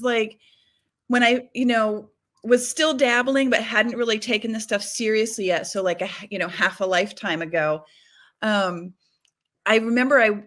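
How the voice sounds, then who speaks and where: A woman guest on a talk show, a psychic medium telling stories in a chatty, animated way full of fillers. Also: mid-range voice. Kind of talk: casual storytelling conversation.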